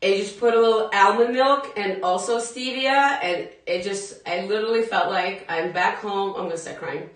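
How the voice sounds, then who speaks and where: A young adult woman, a fitness instructor, leads a live workout class and chats with viewers in a casual, laughing way. Her mid-range voice moves at normal speed with few pauses. She sounds far from the mic in a very echoey room.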